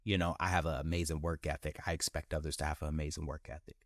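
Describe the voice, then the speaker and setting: A man's voice: very deep voice, flat delivery, fast talker, no room sound, clean studio sound. A man hosting his own podcast, talking candidly and with feeling in a casual, slangy way and repeating phrases for emphasis. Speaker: podcast host. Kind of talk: casual motivational monologue.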